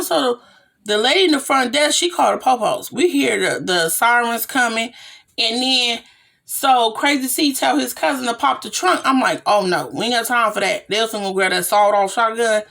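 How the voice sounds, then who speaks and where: Woman, gravelly voice, casual storytime, slangy, animated quotes. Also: fairly high pitch, normal speed. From California. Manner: animated, slangy retelling with rising excited quotes.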